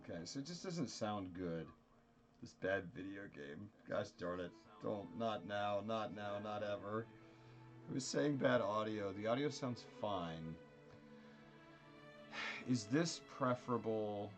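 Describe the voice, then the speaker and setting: A man chatting casually with viewers on a live stream, animated, joking and mocking himself. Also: on the low side, unhurried, soft background music.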